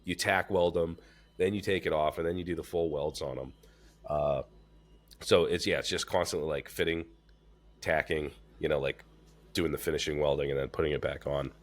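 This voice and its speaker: A man hosting a podcast in casual chat, congested and stuffed up, talking in a relaxed way with lots of fillers and swearing. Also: rumbling low, moderate pace. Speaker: podcast host.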